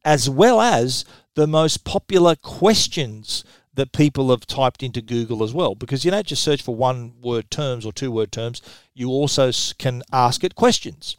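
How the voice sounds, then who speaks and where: A middle-aged Australian man presenting tech news in a quick, chatty, casual way, often restarting his phrases. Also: mid-range voice, smooth, dry recording.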